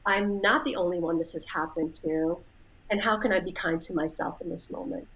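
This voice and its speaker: A woman's voice: lowish voice, moderate pace, fairly bright tone, muffled recording. A woman guest on a podcast, speaking in an earnest, reflective and encouraging way. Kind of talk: casual podcast conversation.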